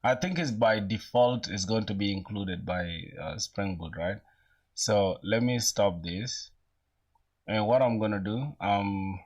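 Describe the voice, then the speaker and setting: A young man in his twenties chatting casually with viewers while coding live, using relaxed slang and thinking aloud, with an occasional cough. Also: lowish voice. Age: young adult. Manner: laid-back slangy, greets chat, thinks aloud. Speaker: programming streamer.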